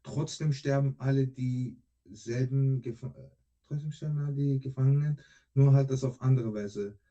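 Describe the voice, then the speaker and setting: A man's voice: medium pitch, fairly even intonation, normal speed, dark tone, dull audio. A man from Iran hosting a live stream from his home kitchen, replying to viewers in a heated, blunt way. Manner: heated and blunt, with rising anger. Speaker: livestream host.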